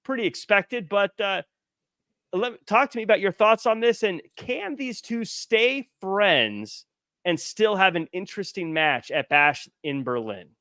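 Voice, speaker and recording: A man's voice: high voice, animated, a little slow, pushed and bright, clean tone, dry recording, studio quality. A man co-hosting a wrestling podcast, chatting casually and laughing easily. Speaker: podcast co-host. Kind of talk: casual chat.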